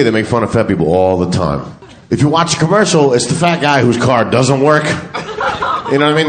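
A man doing a live stand-up comedy set, crude and self-mocking, laughing at his own jokes. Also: medium pitch. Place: comedy club with live audience. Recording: loud crowd and room noise.

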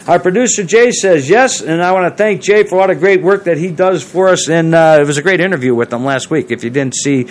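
A man's voice: on the high side, fairly quick, few pauses. Rambling man hosting a radio show. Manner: loose, rambling, with many fillers. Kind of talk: casual radio talk and sponsor reads.

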